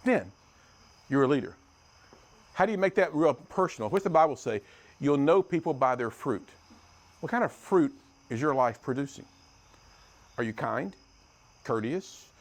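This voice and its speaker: A middle-aged man from the United States giving a motivational talk to a youth group, telling stories and swinging between loud and hushed. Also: on the high side, expressive, moderate pace, long pauses. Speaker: youth speaker.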